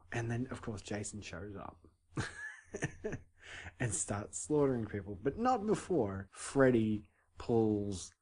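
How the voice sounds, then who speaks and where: A man co-hosts a podcast, voicing strong opinions in an emphatic way. He often breaks off and restarts his sentences. His voice sits somewhat low. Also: a little mellow. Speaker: podcast co-host. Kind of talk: casual chat.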